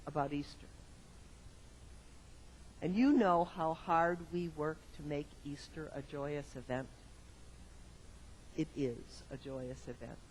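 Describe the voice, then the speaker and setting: A male pastor giving a sermon to his congregation in a church, moving from quiet reflection to loud emphatic exclamations and repeating phrases in rhythmic lists. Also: a little high, a little hiss or hum, low-quality recording. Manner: addresses the congregation directly with questions. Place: church sanctuary.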